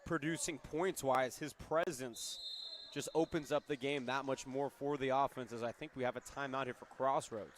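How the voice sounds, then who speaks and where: A man giving basketball color commentary, with relaxed analysis and the occasional joke. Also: mid-range voice, normal speed, a little hiss or hum. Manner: relaxed analytical remarks with light humor.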